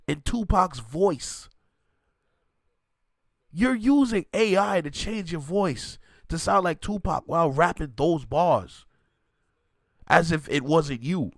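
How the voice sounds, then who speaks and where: A man's voice: on the high side, expressive, takes it slowly, long pauses, no room sound, clean studio sound. A man hosting a music reaction video, ranting emphatically and in disbelief as he gives his take.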